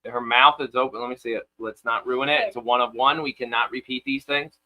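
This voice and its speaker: A man's voice: medium pitch, fairly even intonation, fairly quick, bright, forceful tone, a little hiss or hum. A man co-hosting a live farm stream, chatting casually and reading out viewer questions. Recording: dull lo-fi sound.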